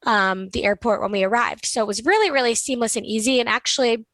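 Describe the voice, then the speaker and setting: A woman's voice: a little high, fast talker, a bit bright, no echo, poor audio. A young woman co-hosting a podcast, upbeat and conversational as she leads into segments. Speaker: podcast co-host. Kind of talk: casual podcast chat.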